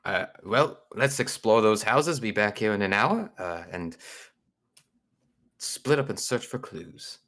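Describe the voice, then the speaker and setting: Brief: male player, low voice with lively swoops, rambling. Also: slow pace. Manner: rambling, giggly, hesitant. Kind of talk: tabletop game play, casual chat.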